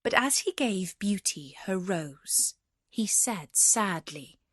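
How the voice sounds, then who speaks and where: A woman reading a fairy tale aloud as a gentle bedtime story. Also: medium pitch, expressive, slow, no room sound, clean studio sound.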